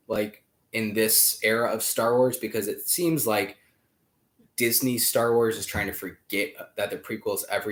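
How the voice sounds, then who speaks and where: A young man hosts a podcast in an easy, rambling chat full of fillers and restarts. His voice sits a little low for a man. He keeps jumping up in pitch and volume when he gets excited, then drops back down. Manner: rambling, filler-heavy, animated swings in pitch and loudness. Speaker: podcast host. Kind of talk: casual chat.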